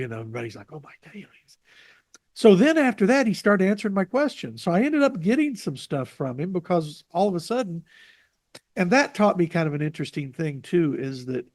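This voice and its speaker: Brief: male interview guest on a video call, fairly high voice, dry close sound, animated storyteller. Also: no room sound. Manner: lively anecdotes, voices the people he quotes. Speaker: interview guest, jazz radio producer.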